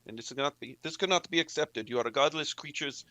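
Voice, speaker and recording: A man's voice: medium pitch, brisk, bright, forceful tone, no echo, close to an everyday voice. A man voicing a vengeful nun who is a spy and a cold brawler, speaking in an accusing, righteous way. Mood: condemning.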